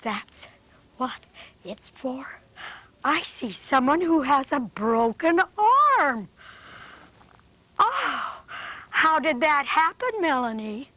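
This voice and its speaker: Lady kids-show host, high voice, takes her time, sing-songy and patient with the little ones. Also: very animated, very slow, long pauses. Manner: gentle, patient, sing-song teacherly talk. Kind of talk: teaching a studio group of young children.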